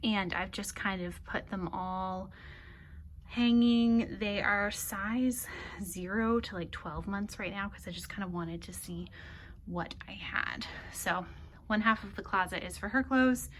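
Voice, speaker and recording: A young woman talking casually in a breathy, winded voice, often dropping to a half-whisper. Her pitch sits in the middle of the female range, and she explains things in an easygoing, chatty way. A faint hiss of room noise sits under her voice. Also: unhurried, fairly bright tone. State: out of breath, pregnant. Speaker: vlogger. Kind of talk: casual room-tour walkthrough. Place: indoors in a child's bedroom.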